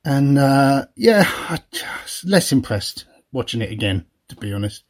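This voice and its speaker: A man's voice: medium pitch, very animated, a little slow. A man co-hosting a podcast, talking in a chatty, rambling way and laughing often. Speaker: podcast co-host. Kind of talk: casual chat.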